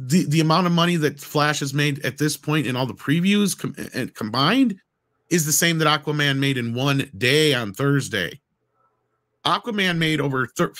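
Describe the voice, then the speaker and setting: A man's voice: mid-range voice, dry recording, studio quality. A man hosting a live-stream podcast, reading viewer messages and arguing box office numbers in an emphatic, casual way. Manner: emphatic, argumentative, animated. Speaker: podcast host reading superchats.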